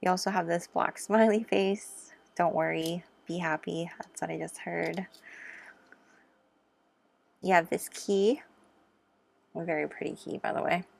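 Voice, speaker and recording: A woman giving a pick-a-card tarot reading, gentle and musing, with frequent ums and soft asides. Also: fairly low pitch, fairly even intonation, unhurried, gravelly, long pauses.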